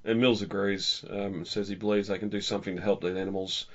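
A man's voice: fairly low pitch, level tone, fast talker. A man co-hosting a podcast, chatting casually and rambling with restarts. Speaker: podcast co-host. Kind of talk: casual film discussion. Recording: dull lo-fi audio.

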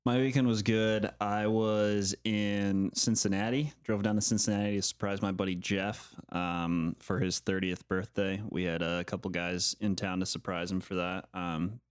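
A young man co-hosting a podcast, chatting casually in a relaxed, rambling way with fillers. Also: low voice, normal speed, hardly any pauses, smooth. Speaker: podcast co-host. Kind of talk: casual chat.

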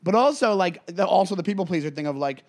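A man co-hosting a casual comedy podcast, animated and filler-heavy, acting out little scenes as he talks. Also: sits high, quick pace. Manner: animated, acts out scenes with voices, many fillers. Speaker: podcast co-host.

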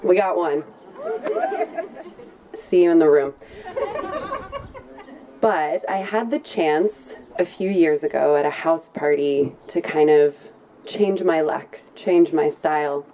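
Woman, live storytelling, mellow warm tone, slightly low voice, playful, faint room ambience. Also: slow pace, long pauses, some chatter behind, a little hiss or hum. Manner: chatty, playful, laughing through the story. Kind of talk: live personal storytelling, casual and comic.

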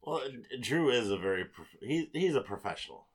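A man's voice: medium pitch, big pitch swings, fairly quick, husky. A man co-hosting a podcast, chatting about wrestling in an easygoing way. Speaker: podcast co-host. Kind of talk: casual wrestling chat.

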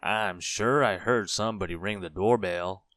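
A man voicing a kindly, calm gentleman in a storybook reading, slow, measured and reassuring. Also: fairly low pitch, no room sound, clean studio sound, natural voice.

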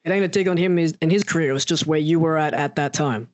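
Earnest male podcast host, slightly high. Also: fast, dry recording. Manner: earnest, fluent storyteller. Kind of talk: podcast interview.

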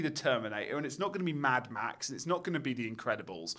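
A man's voice: mid-range voice, big pitch swings, quick pace, few pauses, bright, forceful tone. A man casually discussing a film, ranting with lots of fillers and restarts. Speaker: podcast co-host, film critic.

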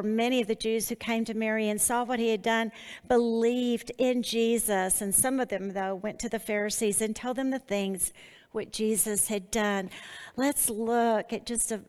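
Brief: woman Bible teacher, unhurried and deliberate, phrases broken by pauses, long reverb. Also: fairly high pitch, a little mellow.

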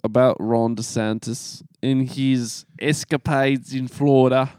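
A man's voice: medium pitch, fairly even intonation, takes it slowly, a little mellow, clear, resonant tone, no echo, clean studio sound. A man in his twenties co-hosting a podcast in casual banter. He is offhand and joking and often trails off mid-sentence. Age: 20s. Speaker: podcast co-host.

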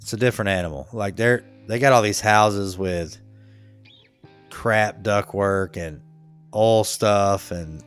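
A laid-back man with a lowish voice tells a rambling story to his co-host, chuckling as he goes. Faint guitar music sits under the conversation. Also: slow pace, clear, resonant tone. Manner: laid-back, laughs a lot, acts out quotes. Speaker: podcast co-host. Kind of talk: casual storytelling chat.

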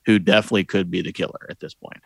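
A man's voice: sits low, fairly even intonation, racing, creaky, fairly bright tone, slightly rough, dry recording. A man co-hosting a podcast who discusses a movie with dry, matter-of-fact remarks. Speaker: podcast co-host.

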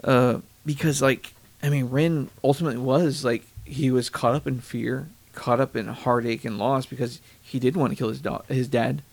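A man's voice: mid-range voice, steady tone, moderate pace, gravelly, hardly any pauses, darkish tone. A man in casual chat with friends, dismissive and rambling, swearing now and then.

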